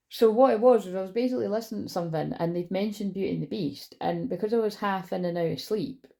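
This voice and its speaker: On her vlog, a tarot reader gives a casual, chatty reading, rambling, swearing casually and often losing her train of thought. Her voice sits on the low side, gravelly and mellow, and the clip was recorded on a phone.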